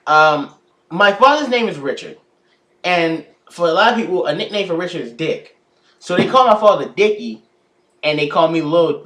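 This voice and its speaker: A teenage guy with a fairly high voice that rises and falls a lot as he talks. He reads each question aloud, then answers with plenty of hesitant pauses, chatting casually straight to his viewers in a vlog. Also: fairly bright tone. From United States. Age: teens. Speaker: YouTuber.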